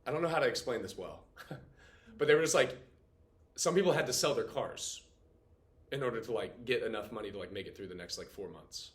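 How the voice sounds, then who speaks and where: A man in his late twenties teaching a class in a casual, animated way, full of fillers. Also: medium pitch, a little fast, long pauses. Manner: animated, chatty, heavy on filler "like". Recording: roomy classroom echo.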